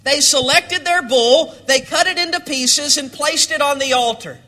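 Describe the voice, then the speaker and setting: A man preaching a sermon, building to dramatic shouts and then dropping low. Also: moderate pace.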